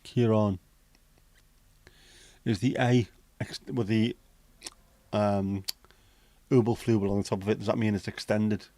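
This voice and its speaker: A man's voice: on the low side, steady tone, moderate pace, dark tone, no room sound. A man hosting a casual livestream, chatting, swearing freely and reading viewer comments aloud. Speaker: livestream host.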